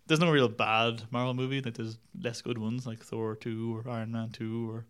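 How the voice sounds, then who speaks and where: A man's voice: medium pitch, level tone, moderate pace, a bit bright, smooth. A man reviewing films in casual chat, rambling and wry, laughing at his own jokes and swearing now and then. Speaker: podcast film reviewer.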